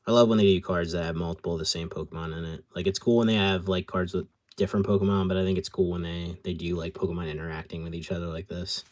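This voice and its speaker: A man's voice: low-pitched, level tone, quick pace, few pauses, darkish tone. A man rambling casually on a live stream, answering viewers' chat and often correcting himself mid-thought. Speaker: card collector streamer.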